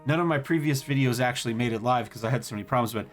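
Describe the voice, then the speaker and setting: A man's voice: medium pitch, rapid-fire. Man, gaming host, casual let's-play commentary, thinks aloud, trips over syllables, mid-range voice, faint music behind.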